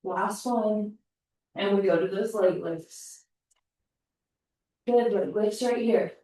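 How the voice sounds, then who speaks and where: Leading a pilates session, a woman speaks slowly in a mellow, mid-range voice, panting as she counts reps down and urges people on. A laptop far across the echoey room does the recording.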